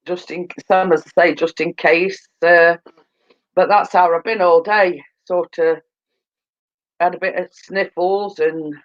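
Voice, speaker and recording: A woman's voice: fairly low pitch, fairly even intonation, unhurried, muffled recording. A woman hosting a casual livestream, tired and coming down with a cold, rambling with lots of fillers and repeated phrases. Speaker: livestream host. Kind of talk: casual chat. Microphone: phone.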